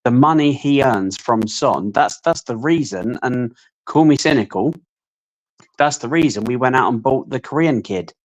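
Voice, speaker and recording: A man co-hosting a casual fan stream, talking at length in measured, opinionated stretches. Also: medium pitch, animated, poor audio. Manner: long opinionated monologues, measured. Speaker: podcast co-host.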